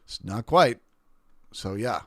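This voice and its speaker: A man's voice: lowish voice, lively intonation, slow, fairly bright tone, no room sound, studio quality. A man hosting a live trading stream, explaining market moves in a casual way and answering viewers' questions. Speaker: livestream trading host. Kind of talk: live market commentary and chat Q&A.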